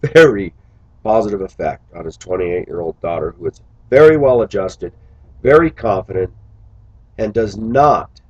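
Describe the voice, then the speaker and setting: A man's voice: on the low side, expressive, moderate pace, a little mellow, husky, muffled recording. A man talking to his viewers in a casual vlog monologue, musing aloud and breaking into exclamations. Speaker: vlogger.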